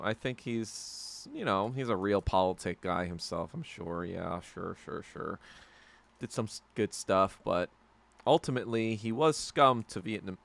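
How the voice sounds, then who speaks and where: A man with a low, creaky voice and fairly bright tone hosts a casual solo podcast. He rants while swearing constantly, trailing off into fillers and restarting his sentences.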